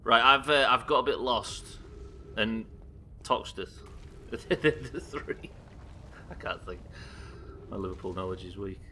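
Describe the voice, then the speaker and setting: A man's voice: on the low side, slow pace, pauses often, bright, forceful tone, a little hiss or hum. Rambling, swearing streamer man from the UK. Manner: rambling and self-deprecating, swears casually, reads chat aloud. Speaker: game streamer. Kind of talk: live gameplay commentary chatting with viewers.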